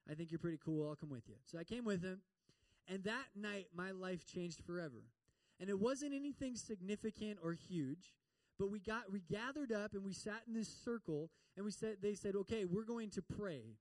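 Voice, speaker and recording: A high-voiced man delivers a lively sermon, acting out the characters as he tells the story. He is picked up from some distance away, and the sound stays dry with little room echo. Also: moderate pace. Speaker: pastor.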